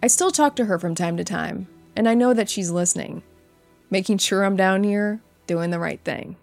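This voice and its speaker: Woman reading out creepy true stories, soft and earnest, middle pitch. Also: normal speed, gravelly, soft background music. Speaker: host and narrator. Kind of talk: reading listener stories aloud.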